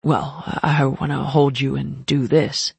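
A woman voicing a low, tender young man. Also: little pitch movement, measured pace, vocal fry, breathy edge, dry recording, exaggerated voice. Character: young man, tender, protective, quick-tempered.

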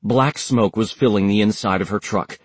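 A man reading an audiobook in a steady, measured narration. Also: on the low side, husky, no echo. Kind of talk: scripted narration.

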